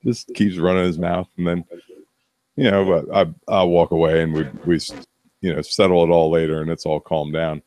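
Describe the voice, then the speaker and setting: A man's voice: deep voice, level tone, normal speed, darkish tone. A man in his thirties, a podcast co-host telling a blunt, profane story in casual chat. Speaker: podcast co-host, bar manager.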